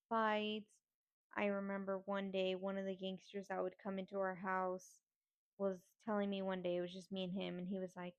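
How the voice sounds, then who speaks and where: A woman's voice: medium pitch, smooth. Candid, profane woman telling her story. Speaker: podcast host. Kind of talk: personal storytelling. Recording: slightly dull lo-fi audio.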